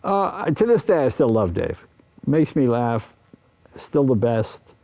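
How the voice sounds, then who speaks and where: Older male guest, mellow tone, lively storyteller who acts out quotes. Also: medium pitch, slow. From East Coast of the US. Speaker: interview guest. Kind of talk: anecdotal interview talk.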